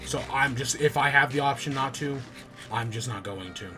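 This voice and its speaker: A man's voice: mid-range voice, moderate pace, music in the background. A man hosting a podcast, grumbling and swearing while he plays a game and chats casually. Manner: grumbling, swearing, frustrated muttering. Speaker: podcast host playing a game while chatting. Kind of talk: casual gaming chat.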